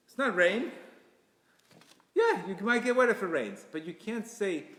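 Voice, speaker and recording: Man, inspirational religious talk, fairly high voice, emphatic and repetitive, roomy hall echo. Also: big pitch swings, a little slow, pauses often. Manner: emphatic, repetitive, with sudden loud bursts. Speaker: Torah teacher. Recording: echoey hall reverb.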